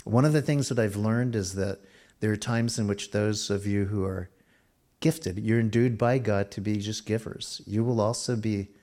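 Middle-aged guy preaching, lowish voice, drags words out slow then goes quiet for effect. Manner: expressive preaching, slows for emphasis and drops to a hush. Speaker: pastor. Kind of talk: sermon.

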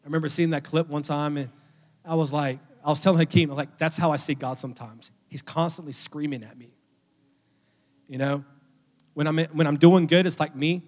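A young adult man preaching a sermon, telling a personal story with emotion, his voice dropping to a hush and then rising loud. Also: on the high side, steady tone, a little fast. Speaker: pastor. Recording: long hall reverb with faint music. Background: faint music.

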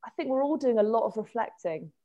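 A woman hosting a casual chat, animated and quick to laugh, talking in rambling restarts. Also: on the high side, lo-fi sound. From England.

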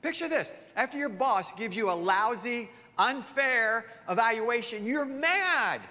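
A man's voice: very high voice, expressive, a little slow, pushed and bright, in a large hall. A male pastor preaching a sermon emphatically, firing off rhetorical questions to his congregation.

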